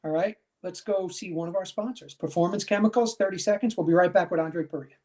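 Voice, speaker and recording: A man's voice: high-pitched, fast talker, a little mellow. A man hosting a talk show in a chatty way, often saying "you know.". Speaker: show host.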